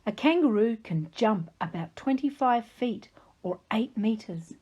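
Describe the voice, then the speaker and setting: A woman reading a children's story aloud, slow, clear and expressive, speaking to young kids. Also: a little high, muffled recording. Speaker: reading teacher.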